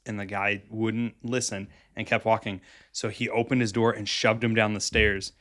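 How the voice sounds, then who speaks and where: A man co-hosting a podcast, telling a story in casual, animated chat with quick asides and restarts. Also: fairly low pitch. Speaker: podcast co-host.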